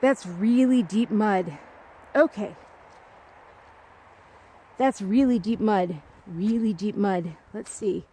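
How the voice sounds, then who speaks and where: A woman's voice: mid-range voice, measured pace, vocal fry, pauses often, dark tone. A young woman chatting casually to her camera as she walks a snowy trail outdoors, rambling and self-deprecating. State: upset, close to tears. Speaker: vlogger. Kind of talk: casual vlog while walking a trail.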